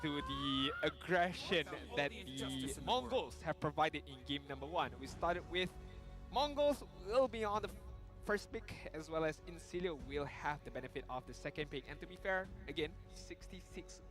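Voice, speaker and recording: Young man, esports caster, earnest, slightly high voice, game music clearly behind. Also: expressive, moderate pace. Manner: earnest, explanatory, quotes stats. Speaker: esports shoutcaster. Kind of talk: casual live-stream commentary.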